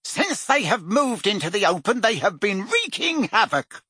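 A flustered male wizard minister, his voice pitched high and climbing as he rattles on heatedly, as a male audiobook reader puts him on. The tone is bright and a touch husky, close and dry. He sounds defensive and quick. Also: very animated, no echo, heavily acted. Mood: urgent. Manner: rapid, heated, rising pitch when pressed.

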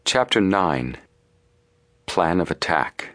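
A man narrating a storybook in a steady, measured way. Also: deep voice, dry recording. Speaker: audiobook narrator. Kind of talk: scripted narration.

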